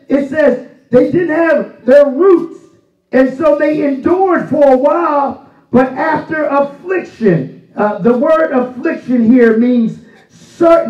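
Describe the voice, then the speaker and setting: Preaching in a roomy sanctuary, a pastor with a very high-pitched voice keeps his sermon homespun and plain, breaking into shouts to drive points home. He's picked up from afar, and the audio is slightly muffled.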